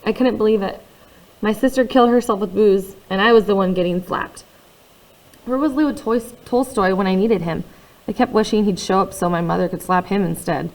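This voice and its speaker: A woman's voice: mid-range voice, brisk, rough recording. Woman reading a first-person novel, confiding. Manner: quiet, confiding, with conversational asides. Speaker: audiobook reader.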